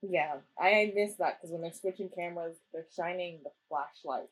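A woman's voice: fairly low pitch, normal speed, rough recording. A young woman co-hosting a casual chat about a ghost-hunting show, playful and giggly. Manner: playful, giggly, acts out quotes. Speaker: podcast co-host.

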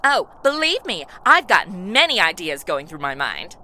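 An actress playing a flirty, teasing younger sister in an audio drama, suggestive and scheming. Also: female voice, lowish voice, sing-song, normal speed, pushed and bright, slight background noise.

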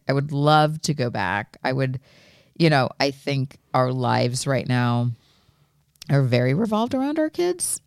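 A woman's voice: a bass voice, dry recording, clean studio sound. Earnest woman podcast co-host. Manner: earnest, filler-heavy, emotional. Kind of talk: casual chat.

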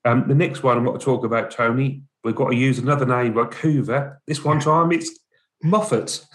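A laid-back man co-hosting a podcast in an average-pitched voice. He speaks plainly and casually, leading the chat from one topic to the next. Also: a little fast. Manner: relaxed, plain-spoken, steers the topics. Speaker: podcast co-host, driver agency office manager.

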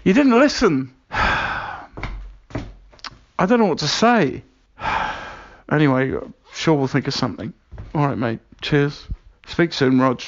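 An exasperated man scolds his friend in a high, stammering voice. The sound is a little dull and muffled, fitting a comedy sketch. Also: animated, slow pace, long pauses, a little hiss or hum.

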